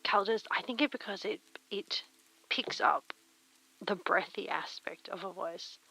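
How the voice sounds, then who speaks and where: A young woman streamer chatting softly and reading poems aloud in a breathy, near-whispered voice through a retro telephone-style mic filter. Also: mid-range voice, unhurried. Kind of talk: casual chat and poetry reading. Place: home streaming room. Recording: filtered lo-fi mic with faint rain.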